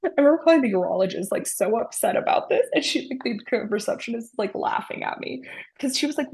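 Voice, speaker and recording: A woman in her thirties, a podcast guest, telling personal stories casually with dry humor and animated retellings. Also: fairly high pitch, a little fast, vocal fry. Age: 30s. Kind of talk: casual storytelling.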